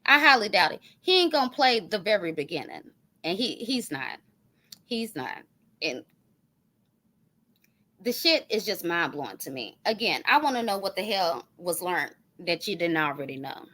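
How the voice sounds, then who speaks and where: A woman's voice: fairly low pitch, sing-song, moderate pace, a bit bright. A woman, ranting on her stream in a profane, confrontational, sarcastic way. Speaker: online commentary streamer. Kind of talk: heated ranting callout monologue.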